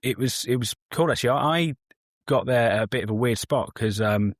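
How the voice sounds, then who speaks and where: A man chatting as a podcast guest, rambling and halting, with lots of fillers. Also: mid-range voice, no echo, clean studio sound. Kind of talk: casual chat.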